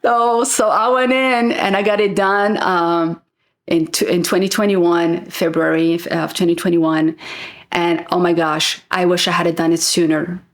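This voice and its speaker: A woman in her forties, a guest telling her personal health story with earnest, halting speech and frequent restarts. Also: fairly low pitch, fairly even intonation. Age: 40s. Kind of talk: emotional personal testimony.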